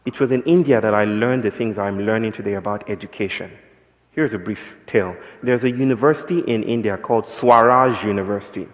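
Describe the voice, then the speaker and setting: Brief: lower-voiced man, measured philosophical speaker, hall echo on the recording. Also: lo-fi sound. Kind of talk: reflective public talk. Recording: long hall reverb.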